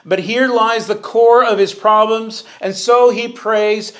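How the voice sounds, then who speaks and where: A man preaching a verse-by-verse sermon in a church sanctuary, his voice sitting a little high for a man. He speaks earnestly, lifts his voice to stress his points and asks the congregation to finish his sentences. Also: steady tone, takes it slowly, hardly any pauses, a bit bright. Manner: earnest preaching, rising for emphasis, calls on the congregation to answer. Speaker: Bible teacher.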